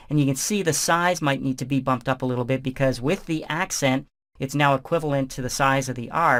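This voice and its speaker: A man narrating a software tutorial as instructor, explaining each step in a relaxed, conversational way. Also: mid-range voice.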